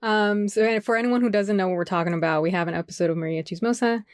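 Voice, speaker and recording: A woman's voice: mid-range voice, racing, no room sound. Chatty woman podcast host, dry sound. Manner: chatty, many fillers, giggly asides. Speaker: podcast co-host telling folklore. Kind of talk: casual podcast chat.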